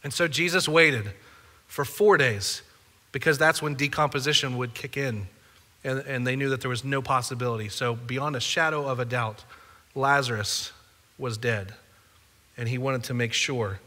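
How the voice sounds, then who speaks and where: In a church auditorium with a long reverb tail, a pastor with a fairly high, sharp-toned voice preaches a sermon. He's conversational and playful with the congregation.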